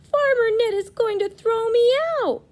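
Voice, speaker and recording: A woman's voice: very animated, slow pace, full character voice. A woman voicing a silly fretful scarecrow. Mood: upset. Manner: high, pleading and loud. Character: silly worried male scarecrow. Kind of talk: storybook read-aloud.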